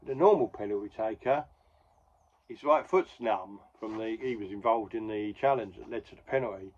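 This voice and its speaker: A man's voice: on the low side, moderate pace, slightly rough, lo-fi sound. A man in his forties casually retelling a comic strip with wry asides. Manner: wry, conversational, full of asides. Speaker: comics podcast host.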